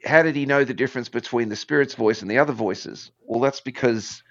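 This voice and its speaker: A man's voice: medium pitch, brisk, dry recording. A man tells stories in a rambling, self-deprecating way, sometimes slipping into voices. The sound is dry and close, a bit muffled in the top end. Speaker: podcast guest, former musician. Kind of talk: casual conversational storytelling.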